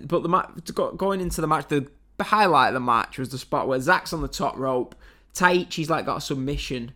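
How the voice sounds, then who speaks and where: A man's voice: medium pitch, vocal fry, bright, forceful tone. A man from England giving a blunt, chatty review of wrestling matches, with lots of fillers and some swearing. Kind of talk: casual spoken review.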